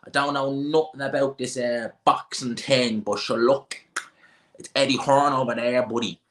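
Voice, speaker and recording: A man's voice: medium pitch, steady tone, normal speed, fairly bright tone, reverberant, voice pushed up, close to an everyday voice. A man putting on a cocky young Dublin lad with a strong Dublin accent, drawling and goading. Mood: smug, drawling. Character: brash swaggering Dublin lad, male, young adult.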